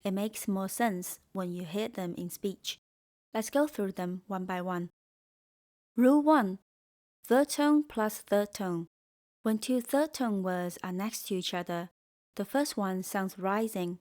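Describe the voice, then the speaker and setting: Slow, clear Mandarin teacher woman. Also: mid-range voice, darkish tone. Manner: slow, clear, drills repetition. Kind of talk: scripted language lesson.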